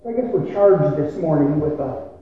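A woman preaching a conversational sermon, asking rhetorical questions and pausing for effect. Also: deep voice, animated, mellow, a little hiss or hum. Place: church sanctuary. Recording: echoey hall, mic at a distance.

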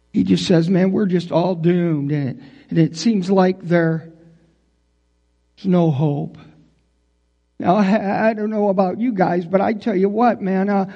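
A man's voice: high-pitched, mellow, breathy edge, highs cut off. A pastor preaching a conversational sermon in a folksy way, talking straight to his congregation.

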